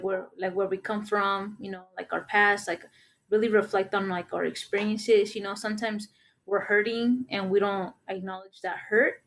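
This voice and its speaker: A young adult woman, a teacher co-hosting a podcast, tells a long personal story in casual chat, rambling and full of fillers. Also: mid-range voice. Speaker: podcast co-host and middle school math teacher.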